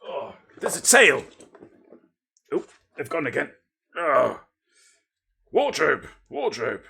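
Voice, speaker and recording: A man's voice: a little high, very animated, slow pace, vocal fry, sharp tone, husky. A man from Lincolnshire, casually chatting and rambling playfully as a livestream host, thanking viewers and interrupting himself. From Lincolnshire, England.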